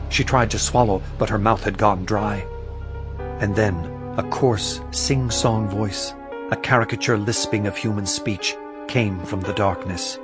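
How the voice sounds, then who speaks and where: A man narrating a crime thriller audiobook in a measured, suspenseful way. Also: on the low side, fairly even intonation. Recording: dry studio voice with faint music.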